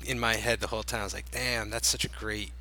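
Casual male podcast co-host, bright tone, rambles with fillers. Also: fairly low pitch, steady tone, quick pace. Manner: rambling, filler-heavy, laughs often. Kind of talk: casual chat.

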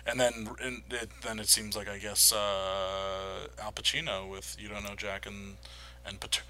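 A man's voice: fairly low pitch, flat delivery, measured pace, pushed and bright, a little hiss or hum. A man co-hosting a podcast, joking and asking follow-up questions in casual film talk. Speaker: podcast co-host.

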